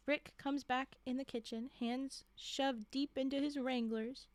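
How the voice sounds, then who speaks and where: A young woman streamer reading a holiday story aloud, expressive, with chatty asides. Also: high-pitched, measured pace, no room sound.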